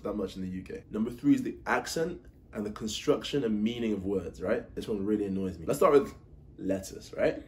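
A man's voice: lowish voice, a little mellow. A young British man from the UK chatting casually in a vlog, ranting animatedly with exasperated mock impressions. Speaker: vlogger.

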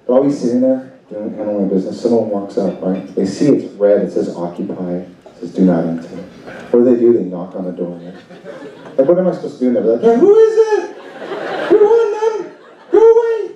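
Stand-up guy at a club, animated, dark mellow voice, super echoey room, kinda far off and muffled. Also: quick pace. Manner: animated, shrieks in a high panicked voice for bits. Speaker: stand-up comedian. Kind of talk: stand-up comedy set. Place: comedy club stage. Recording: roomy, distant, dull club recording. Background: audience laughter.

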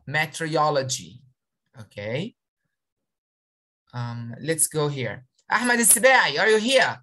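A woman teacher speaks over a video call, her pitch sitting a little low but swinging widely as she praises pupils. She sounds out words syllable by syllable and repeats her encouragement. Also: expressive, measured pace, fairly bright tone. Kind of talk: online spelling lesson.

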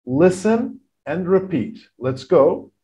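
A man teaches a beginner English class at an unhurried, deliberate pace. His pitch rises and falls a lot as he stresses key words for learners. The delivery is careful and drawn out. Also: sing-song, warm tone, lo-fi sound.

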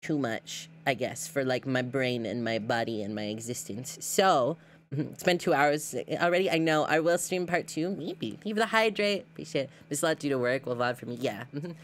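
A woman's voice: a bass voice, normal speed, slight background noise. A young adult woman streamer in casual live-stream chat, reading her chat aloud and gushing over clips she shows.

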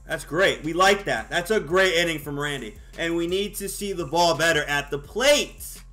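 A man commentating his own baseball video game, excitable and exasperated, shouting at his players. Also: fairly high pitch, normal speed, faint music behind. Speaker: gaming YouTuber. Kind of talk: live gameplay commentary.

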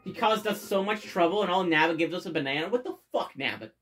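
Excitable, swearing let's play gamer. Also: mid-range voice, quick pace. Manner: excitable, loud bursts of cheering, frequent swearing. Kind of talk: game commentary. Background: faint game music.

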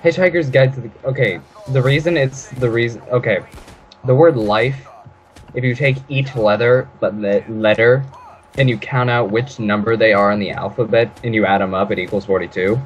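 A man co-hosting a let's play, animated and prone to sudden shouts in casual banter. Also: mid-range voice, moderate pace, lo-fi sound.

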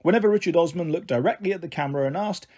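A man reading a children's book aloud as a storyteller, in an expressive, animated way. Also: fairly high pitch, racing.

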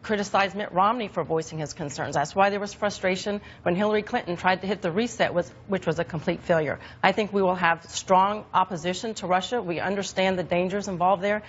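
Female panel commentator, rapid and assured delivery, lo-fi broadcast sound. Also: fairly low pitch, slight background noise. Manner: quick, assured, defending her side. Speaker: political commentator. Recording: dull lo-fi broadcast audio.

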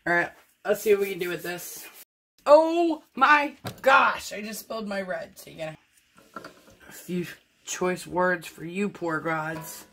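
A woman with a fairly low, steady voice demonstrates fluid art at a moderate pace, with slight background noise. She chats in a joking, self-deprecating way and talks through every step as she works.

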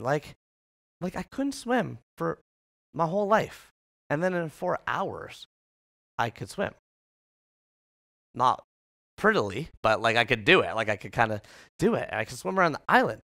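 A man giving a live keynote to an office audience, telling a story in an animated, conversational way with many filler "like"s. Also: sits high, moderate pace, long pauses, no echo, studio quality. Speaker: keynote speaker. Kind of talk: motivational storytelling talk.

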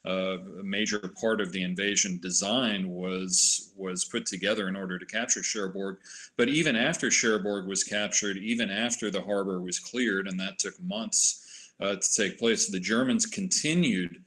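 A man with a low voice explains history in a panel discussion. His delivery is measured, with occasional hesitations. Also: fairly bright tone.

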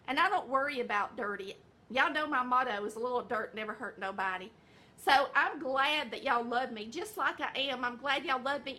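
A woman's voice: high-pitched, sharp tone. A middle-aged woman with a Southern US accent, chatting in a folksy, rambling way in her home kitchen, sounding tired. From American South. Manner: folksy, rambling, says y'all and honey. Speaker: vlog host, home cook. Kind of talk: casual chatty vlog.

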